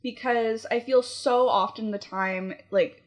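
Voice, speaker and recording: A woman's voice: a little high, fairly even intonation, measured pace. Chatty opinionated young woman. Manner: chatty, opinionated, heavy use of "like". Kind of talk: casual chat.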